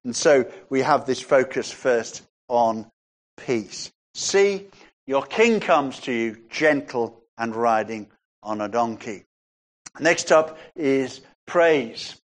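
A man preaching a sermon, reading scripture passages aloud and rising in pitch when he stresses a point. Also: animated, takes it slowly.

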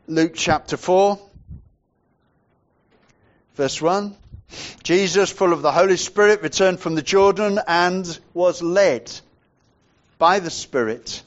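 A man preaching a sermon in a measured way, dropping to a hushed voice to stress points. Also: on the high side, muffled recording.

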